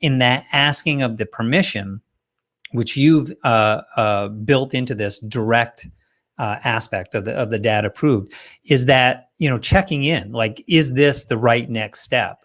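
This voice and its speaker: A man hosting an interview, speaking in a measured, appreciative way and thinking aloud as he frames his questions. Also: mid-range voice, a bit bright. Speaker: host and interviewer. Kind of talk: interview conversation.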